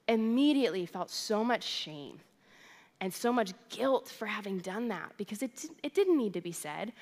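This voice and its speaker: Young adult woman, worship director, chatty sermon, fairly high voice, long hall reverb. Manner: chatty storytelling, addresses crowd as "you guys". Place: church hall.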